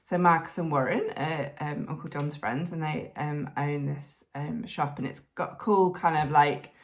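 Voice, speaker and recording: A woman co-hosting a crafting podcast in casual, rambling chat, excitable and quick to swear. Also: deep voice. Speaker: podcast co-host.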